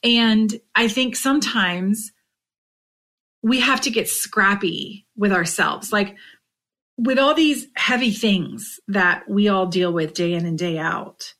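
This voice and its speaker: A woman hosting a podcast, talking without a script in an earnest, heartfelt way; she is tired and emotional, and often drops to a soft near-whisper. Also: medium pitch, slow. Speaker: podcast host and direct sales coach. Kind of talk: unscripted motivational podcast monologue.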